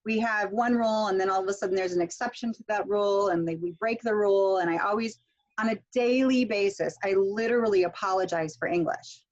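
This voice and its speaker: A woman's voice: mid-range voice, fairly quick. A middle-aged woman teaching a pronunciation workshop online, chatty and explaining with fillers and restarts. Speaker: pronunciation instructor. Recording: muffled lo-fi video call audio.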